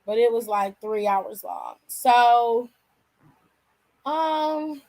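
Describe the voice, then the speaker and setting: A woman's voice: fairly high pitch, lively intonation, extremely slow, creaky, darkish tone, rough recording. A woman hosting a wrestling channel, chatting casually and slangily with viewers on a live stream while tired and yawning.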